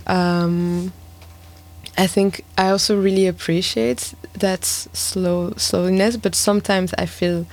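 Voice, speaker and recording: A woman hosting a radio show, chatting in a slow, thoughtful, hesitant way. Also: lowish voice, little pitch movement, a little mellow, low-quality recording. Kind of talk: casual chat.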